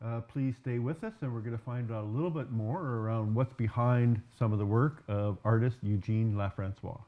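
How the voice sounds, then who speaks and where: A man hosting a community television interview, measured, summing up his guest's points. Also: medium pitch, narrow, tinny audio. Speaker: host.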